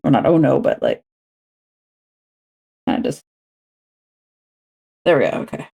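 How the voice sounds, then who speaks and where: A woman's voice: a bass voice, lively intonation, unhurried, vocal fry, warm tone, breathy edge. A woman, chatting and rambling to herself and her viewers while she crafts on a stream. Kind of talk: casual chat while crafting.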